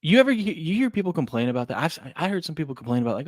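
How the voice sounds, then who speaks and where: A man hosting a casual sports betting talk show, animated and joking, reading out chat comments. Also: on the high side, very fast, dry recording, studio quality.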